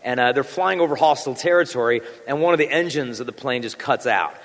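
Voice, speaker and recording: A man's voice: medium pitch, quick pace, a bit bright. Man speaking in a reverberant hall. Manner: conversational and self-deprecating with fillers and restarts. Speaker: Catholic speaker. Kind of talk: prayer then a talk to a church audience.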